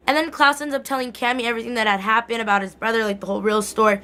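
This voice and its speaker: A woman's voice: on the high side, fairly even intonation, very fast, few pauses, bright, forceful tone. A young woman in a casual vlog recapping a TV episode, gushing and filling her talk with "like" and "totally". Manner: gushing, heavy use of "like" and "totally". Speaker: TV recap vlogger. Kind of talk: casual chat.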